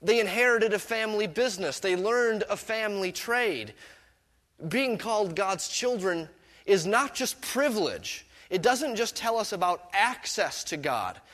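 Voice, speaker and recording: A man's voice: sits high, lively intonation, unhurried, a bit bright. A middle-aged man preaching a sermon as pastor, mixing scripture with personal stories in a conversational way. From Canada.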